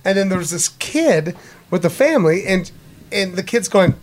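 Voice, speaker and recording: A man chatting on a podcast, telling rambling, profane stories and acting out quotes loudly. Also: high voice, expressive, normal speed. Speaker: podcast co-host. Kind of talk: casual profane chat.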